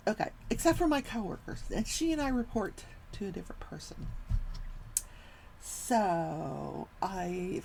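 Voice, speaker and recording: An older woman hosting a casual talk show, telling a long workplace story and acting out the people in it with lively, animated quoting. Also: lowish voice, vocal fry, slight background noise, rough recording. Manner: animated, acts out quoted people.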